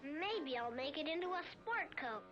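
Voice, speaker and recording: A woman's voice: sits high, lively intonation, normal speed, dull audio, over music. A woman voicing cheerful cartoon characters in a clip from an old VHS trailer. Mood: cartoonish.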